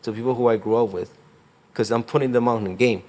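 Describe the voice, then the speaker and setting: A man's voice: medium pitch, steady tone, fast talker, darkish tone. A young man, a real estate agent, talking casually in an interview, rambling with lots of fillers and slang. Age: young adult.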